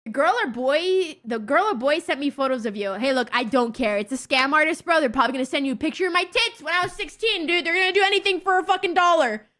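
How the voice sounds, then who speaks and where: Young woman streamer swearing nonstop, high bright voice, bouncy and all over the place. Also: fast talker, hardly any pauses. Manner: profane, blunt, excitable. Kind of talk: casual livestream chat with viewers.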